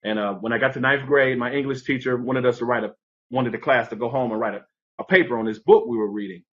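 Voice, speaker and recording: A man telling a personal story as an interview guest, animated and conversational, acting out the people in it. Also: medium pitch, fast talker, dull audio.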